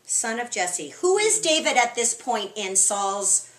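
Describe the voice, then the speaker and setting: Bright, lively woman teaching a Bible group, questioning her listeners, echoey room. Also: fairly high pitch, unhurried. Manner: animated, asks the group questions, reads scripture with expression. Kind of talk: interactive Bible study lesson.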